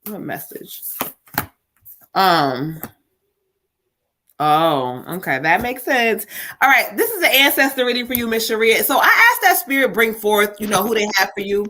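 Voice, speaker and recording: Bright-voiced woman hosting, voice going hoarse. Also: medium pitch, expressive. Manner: quick, busy, lots of laughing asides. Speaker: host and psychic reader. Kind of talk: live stream reading chat.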